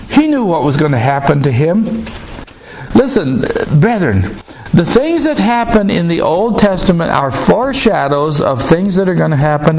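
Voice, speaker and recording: A man preaching a sermon, slowly retelling a scripture story with emphatic asides to the congregation. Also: a little high, vocal fry, a little mellow, slight background noise.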